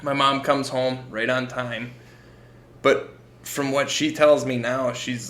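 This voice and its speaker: A man's voice: mid-range voice, flat delivery, slow, a bit bright, reverberant, slight background noise. A young man co-hosting a podcast, telling a story in a casual, profane way and acting out the quotes. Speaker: podcast co-host.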